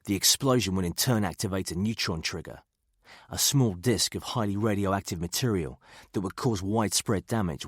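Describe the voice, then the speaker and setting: A man reading a thriller audiobook in a measured, even way. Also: low-pitched, breathy edge, dry recording, clean studio sound. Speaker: audiobook narrator. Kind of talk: scripted thriller narration.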